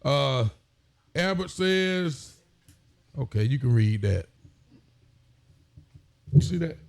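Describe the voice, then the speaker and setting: A man's voice: mid-range voice, animated, takes it slowly, vocal fry. A man, a sheriff hosting a casual talk show, greeting viewers by name in a folksy way.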